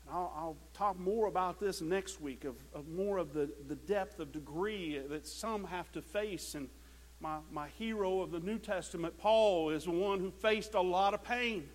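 A male pastor preaching a sermon, impassioned, swinging from loud declarations to hushed tones and often repeating words as he starts a phrase. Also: high-pitched, moderate pace, rough recording.

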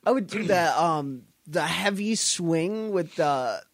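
A man on a casual podcast retelling a video game scene in a rambling, animated way, acting out quoted lines and laughing and swearing as he goes. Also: fairly high pitch, slow pace, dry recording, clean studio sound. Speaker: podcast co-host or guest.

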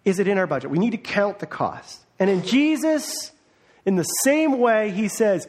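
A man's voice: high-pitched, expressive, moderate pace. A man, a parent, preaching a conversational sermon as a pastor, acting out the voices he quotes. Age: adult, parent of a young child.

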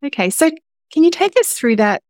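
A woman's voice: high voice, sing-song, brisk, darkish tone, no echo, clean studio sound. A woman hosting an interview about writing, inquisitive and encouraging with her guest. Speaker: podcast host. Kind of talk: interview questions.

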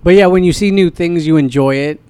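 A man's voice: a little high, brisk, darkish tone, clean tone, no room sound. A man on a casual movie podcast, making short, laid-back remarks. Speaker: podcast co-host. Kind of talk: casual chat.

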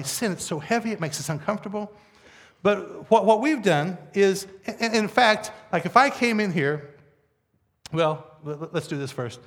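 A man preaching a sermon to his congregation in a church, conversational and joking with the room. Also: fairly high pitch. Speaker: pastor. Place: church sanctuary. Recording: long reverb of a large hall.

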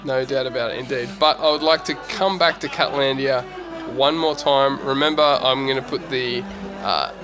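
A man hosting a podcast, chatting casually and playfully, with many pauses. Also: medium pitch, steady tone. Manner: chatty, playful, halting with fillers. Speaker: podcast host. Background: music.

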